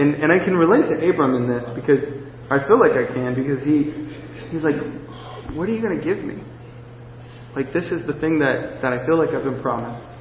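A man preaching with a slightly high voice, stumbling through a personal testimony and close to tears. His halting, emotional delivery is full of restarts. The sound is dull and lo-fi, with long reverb from a large hall and a faint hiss behind. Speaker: pastor.

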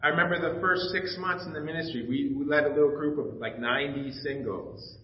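A middle-aged pastor giving a personal testimony in a sermon, telling stories and acting out the dialogue with emotion. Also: male voice, fairly high pitch, a little fast, a little hiss or hum. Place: church sanctuary. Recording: echoey, slightly dull church recording.

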